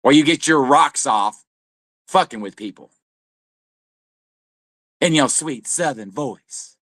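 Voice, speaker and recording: A man's voice: mid-range voice, lively intonation, slow, fairly bright tone, dry recording, studio quality. A man co-hosting a livestream, delivering a heated, profane, accusatory tirade. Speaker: livestream co-host. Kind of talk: angry livestream rant.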